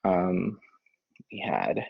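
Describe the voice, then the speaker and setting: A man teaching a Spanish class online, explaining tasks in a relaxed way with many filler ums. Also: low voice, drawn-out words, gravelly, husky. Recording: dull lo-fi online lesson audio.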